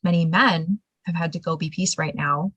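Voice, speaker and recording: A woman hosting a casual interview, telling stories in an animated, emphatic way and laughing now and then. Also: on the low side, normal speed, highs cut off, slight background noise. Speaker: show host.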